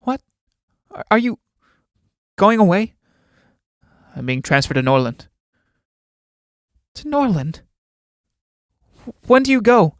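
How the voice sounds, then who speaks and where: A man's voice: a little high, expressive, normal speed, pauses often, no echo, studio quality, voice pushed up. A man voicing an impulsive, fiery young woman, speaking in urgent questions. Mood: alarmed.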